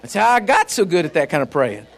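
A man's voice: fairly high pitch, big pitch swings, fast talker, gravelly. A man preaching a sermon as pastor, fiery and folksy, with joking asides. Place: church.

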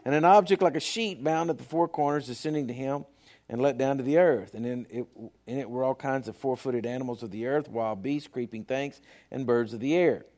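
A man preaching a sermon as pastor, swinging between hushed storytelling and loud emphatic repetition. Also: mid-range voice, a little fast.

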